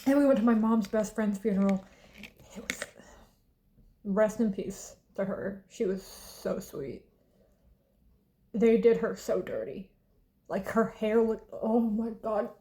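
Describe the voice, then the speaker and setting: Young woman rambling, mellow voice. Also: mid-range voice, slow pace, long pauses. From Southern United States. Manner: rambling, blunt and profane, with laughs and sighs. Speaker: vlogger. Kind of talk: casual chat while eating.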